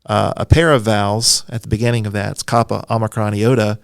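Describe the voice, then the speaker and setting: A man's voice: lowish voice, little pitch movement, brisk, creaky, no echo, clean studio sound. A man, a Bible scholar guest, explaining at length in a friendly, enthusiastic podcast interview, with a self-deprecating touch.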